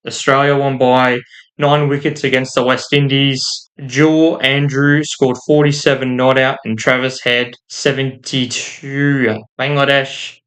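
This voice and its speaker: Man, unhurried, mid-pitched voice, casual game commentary, trips over names, self-deprecating asides. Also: level tone, fairly bright tone. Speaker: gaming YouTuber.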